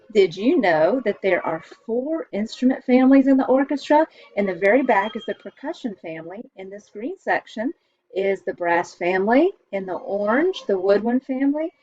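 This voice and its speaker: A woman from the United States, an elementary school music teacher, explaining composers and the orchestra to children in a cheerful, clear way. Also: mid-range voice, a little mellow, dry recording, lo-fi sound. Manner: cheerful, explains slowly for kids.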